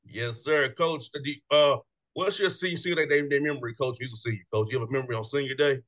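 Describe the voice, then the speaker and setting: A man's voice: mid-range voice, quick pace. Laid-back host guy, chummy, laughs a lot while he talks. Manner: relaxed and chummy, laughs between lines. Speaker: show host. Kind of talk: casual interview chat.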